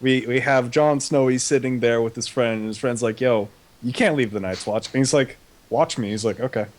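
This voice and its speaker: Brief: young male co-host, casual comedic recap, slangy offhand delivery, mid-pitched voice. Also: a little fast. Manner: goofy paraphrasing with slangy quoted voices.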